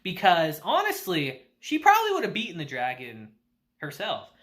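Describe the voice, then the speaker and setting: Lively, laughing anime reviewer man. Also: sits high, moderate pace. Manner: animated, laughing often, slangy. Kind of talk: casual video review.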